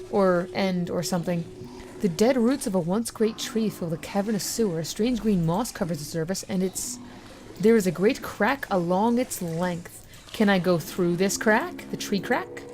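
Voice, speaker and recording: A woman hosting a let's-play of a horror game, reading its text aloud and reacting in a casual, profane way. Her pitch sits in the middle for a woman, and faint music plays behind her. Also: a little mellow. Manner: casual, swearing, reacting with disgust. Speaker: gaming video host.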